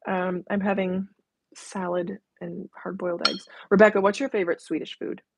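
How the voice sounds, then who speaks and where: A woman's voice: lowish voice, little pitch movement, normal speed, creaky, husky, no room sound. A young adult woman hosting a casual live stream from home, chatting and reading viewer comments aloud.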